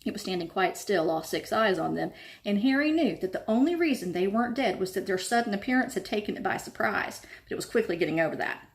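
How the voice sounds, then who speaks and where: A woman reading a novel aloud with lively storytelling. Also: medium pitch, quick pace. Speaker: reader.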